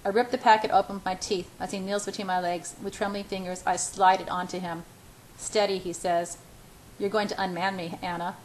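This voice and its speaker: A woman reading a first-person romance novel aloud in a soft, intimate, hushed way. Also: mid-range voice, a little hiss or hum, poor audio. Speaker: audiobook reader.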